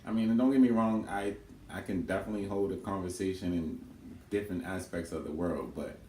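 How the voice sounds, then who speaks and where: A man's voice: low-pitched, a little fast, warm tone, echoey room, far from the mic, a little hiss or hum. A man in casual chat, explaining his point emphatically. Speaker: vlogger twin.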